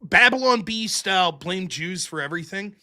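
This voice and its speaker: A man hosting a podcast in casual chat, reading viewer messages and joking around. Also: high-pitched. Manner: animated, joking, quick to laugh. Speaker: podcast host reading super chats.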